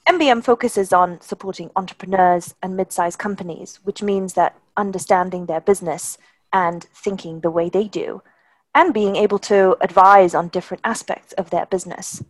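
A woman's voice: medium pitch, steady tone, moderate pace, no room sound. A woman from Germany, a native German speaker, co-hosting a podcast with polished, prepared remarks. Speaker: podcast co-host, lawyer.

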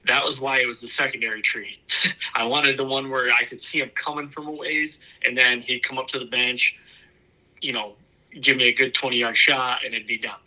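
Bright-voiced man telling a hunting tale. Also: medium pitch, fairly even intonation, normal speed, low-quality recording. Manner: loose and rambling, full of "like" and "you know"; drops to a hushed whisper at tense moments. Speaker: bowhunter recounting a hunt. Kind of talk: casual spoken storytelling.

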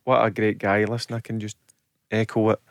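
A Scottish man, a former footballer, talking casually as a radio pundit, animated and often repeating his first words. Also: on the low side, brisk, no echo, clean studio sound.

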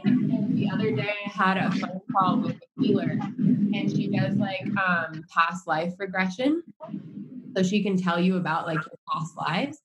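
A woman's voice: medium pitch, big pitch swings, normal speed, heavy background noise. An American woman chatting casually as a podcast co-host, rambling with lots of "like" fillers. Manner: rambling, heavy use of "like" fillers. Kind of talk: casual chat.

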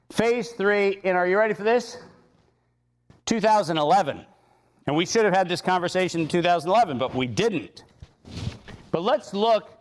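High-voiced man, sarcastic and emphatic. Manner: sarcastic, emphatic, builds to outraged points. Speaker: speaker giving a talk. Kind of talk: impassioned lecture with slides.

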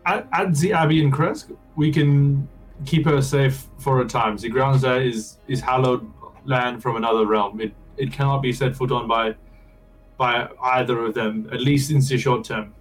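A man's voice: mid-range voice, steady tone, normal speed, far from the mic, soft background music, poor audio. A man playing a character in a tabletop game, hesitant and full of restarts. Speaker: player.

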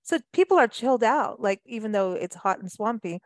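A woman hosting a radio show, talking in a chatty, animated way with lots of fillers. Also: on the high side, fairly quick, no room sound. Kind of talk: casual radio interview chat.

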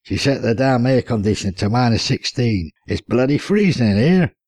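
A man's voice: mid-range voice, animated, moderate pace, darkish tone, no echo, clean studio sound, voice pushed up, natural voice. A man voicing a grumpy, hard-of-hearing old drummer who talks bluntly and irritably, in an audiobook.

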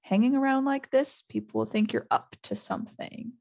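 A woman reading the lines of a cold, sneering male schoolmaster in a slow, smooth, menacing way. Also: high-pitched, wildly swooping pitch, a little mellow, pitched above the performer's own voice, full character voice. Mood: smooth menace.

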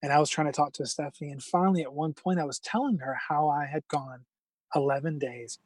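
A middle-aged man telling a personal story as a guest in an interview, earnest and halting, with many restarts. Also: fairly high pitch, fairly even intonation, no room sound.

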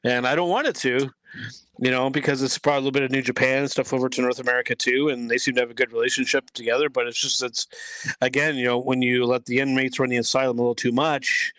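A man's voice: medium pitch, fairly even intonation, fast talker, a bit bright, no echo. A man giving his views as a guest in a casual podcast chat, rambling with many restarts. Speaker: guest commentator.

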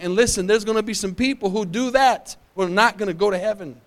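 A man preaching a sermon as pastor, conversational and joking, asking the congregation questions, with repeats and quiet asides. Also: fast, hardly any pauses. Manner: repeats and restarts, drops to low asides.

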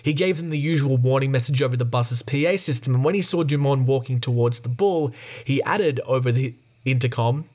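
A man hosting a podcast, reading a prepared script in a steady storytelling tone. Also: medium pitch, fairly quick. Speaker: podcast host. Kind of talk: scripted narration.

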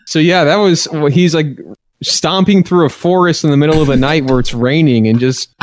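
A man's voice: fairly high pitch, normal speed, a little hiss or hum. A man hosting a podcast, chatting casually and joking with his guests, then reading the show's sign-off. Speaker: podcast host.

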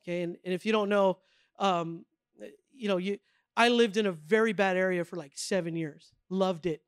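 A man's voice: normal speed, clear, resonant tone, no room sound, clean studio sound. A middle-aged man preaching a sermon, telling a personal story in a casual way, full of asides and acted-out quotes. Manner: conversational storytelling with filler words like man and okay; acts out quoted voices with big pitch swings. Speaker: pastor.

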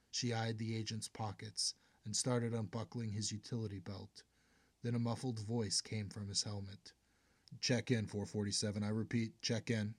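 A man narrating an audiobook in a steady, measured way, going hushed in tense passages. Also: lowish voice, dry recording.

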